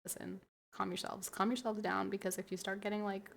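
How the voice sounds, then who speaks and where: A young woman chatting on a livestream, tipsy from wine and quick to giggle. Her mid-pitched voice carries a gravelly fry, with a faint hiss of noise underneath. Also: little pitch movement. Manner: giggly, chatty, thanks viewers for gifts. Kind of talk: casual stream chat while drinking wine.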